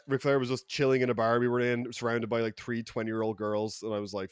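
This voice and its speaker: A man with an Irish accent telling stories on a casual podcast, animated and profane, with sudden loud bursts. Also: mid-range voice, fast, clear, resonant tone, no echo, clean studio sound. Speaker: podcast co-host.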